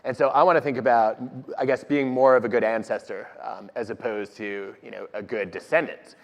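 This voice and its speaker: A man, an organizational psychologist, telling stories on stage in an animated, self-deprecating way. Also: mid-range voice, a little fast. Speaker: organizational psychologist guest speaker. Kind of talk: conversational talk on stage. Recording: dull audio with long hall reverb.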